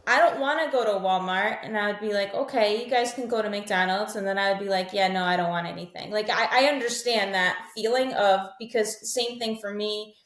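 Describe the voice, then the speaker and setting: A woman's voice: medium pitch, brisk, few pauses, a bit bright, roomy sound. A woman co-hosting a podcast in casual chat, thoughtful and agreeable, trailing off as she talks. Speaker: podcast co-host.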